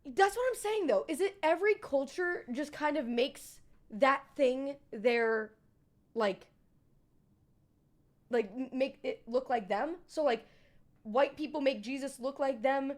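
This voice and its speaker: A woman chatting casually on a live stream, excitable and quick to swear and laugh. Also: sits high.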